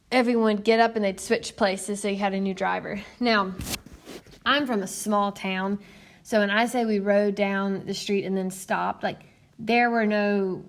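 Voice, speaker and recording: A young woman, teaching a recorded science lesson in a chatty, upbeat way and speaking straight to her students. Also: mid-range voice. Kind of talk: recorded classroom lecture.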